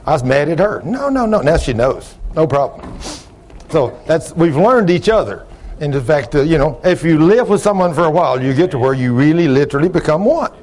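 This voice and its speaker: An older man preaching a folksy sermon, talking loud and gruff, telling plain-spoken stories and asking the congregation questions. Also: a little high, animated, a little fast, slight background noise. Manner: loud, gruff, rising into shouts when acting out stories; plain-spoken, ungrammatical storytelling with audience questions.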